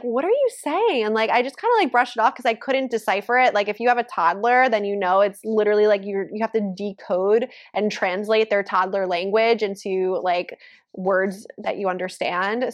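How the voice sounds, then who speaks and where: A woman's voice: mid-range voice, steady tone, normal speed. A woman in her thirties hosting a podcast, chatting casually and saying "like" constantly. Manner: chatty, heavy use of "like". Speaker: podcast host. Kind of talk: casual chat.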